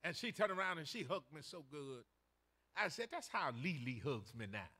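An older male pastor, preaching a sermon in a folksy storytelling manner that builds to shouted emphasis. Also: a little high, big pitch swings, normal speed.

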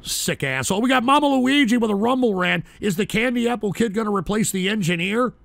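A male show host with a high-pitched, gravelly voice, recorded dry and close. He rants bluntly and profanely, and his talk keeps breaking into loud shouting. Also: lively intonation, brisk, no echo. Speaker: host of a call-in politics show. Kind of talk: casual livestream rant.

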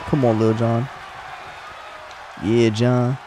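A man giving casual, excitable commentary while playing a wrestling video game, teasing and talking to the characters on screen. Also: medium pitch, slow pace, crowd noise, background noise. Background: game music.

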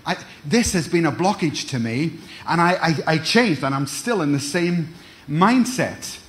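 A man's voice: a little high, animated, measured pace, fairly bright tone. A middle-aged man preaching a sermon, calling out to the congregation and restarting words as he goes. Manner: preaching with call-and-response, repeats words, stumbling restarts. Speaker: pastor.

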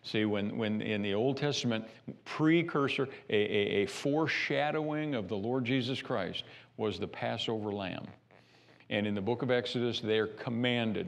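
A man preaching a sermon as pastor of a church, animated and repeating himself as he builds each point. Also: on the low side, normal speed, gravelly. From United States. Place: church sanctuary.

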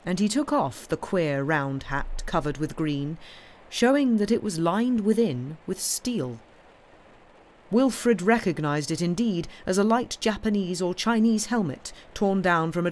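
A woman reading a classic short story aloud in a measured storytelling manner, lifting her voice for the characters' speech. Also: fairly low pitch, animated, darkish tone. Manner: measured storytelling, voicing characters' lines with raised, livelier delivery. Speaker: audiobook reader. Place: home streaming setup.

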